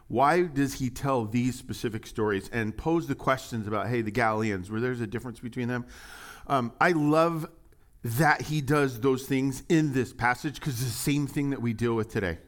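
A male pastor giving a casual, conversational Bible teaching who jokes and asks the room questions. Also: mid-range voice. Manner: chatty and jokey, asks the audience questions. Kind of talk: casual sermon and Bible study.

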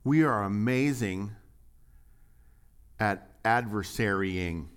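A man's voice: lowish voice, takes it slowly, clean tone. A male pastor giving a casual, conversational Bible teaching who jokes and asks the room questions. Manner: chatty and jokey, asks the audience questions. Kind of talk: casual sermon and Bible study.

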